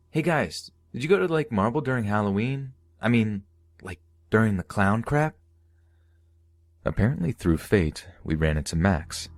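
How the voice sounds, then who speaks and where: A man reading a creepy first-person story aloud in a steady storytelling delivery. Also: extremely low pitch. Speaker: story narrator.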